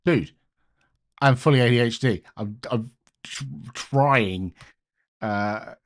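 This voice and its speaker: A man's voice: medium pitch, slow. A middle-aged British man with a British accent, rambling casually to live-stream viewers as he works through open source maintenance at his computer, often breaking off mid-sentence. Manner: rambling, self-interrupting, chatty with viewers. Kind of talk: casual live-stream chat while coding.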